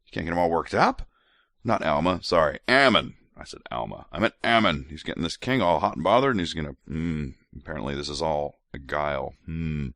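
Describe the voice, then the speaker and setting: A man's voice: very deep voice, a little fast, dry recording, clean studio sound. A tipsy man hosting a podcast, joking wryly through scripture commentary. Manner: joking, wry, animated asides. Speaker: podcast host.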